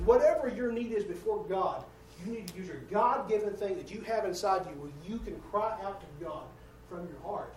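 Male preacher, high voice, folksy storyteller with big swings from loud to soft, recorded from a distance in a roomy church. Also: normal speed. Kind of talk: sermon. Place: church sanctuary. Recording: echoey room heard from a distance.

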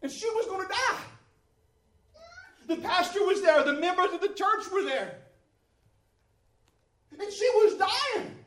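Male preacher, storytelling sermon that builds to shouting, high voice, heavy room echo. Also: animated, unhurried, long pauses. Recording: echoey hall from far off.

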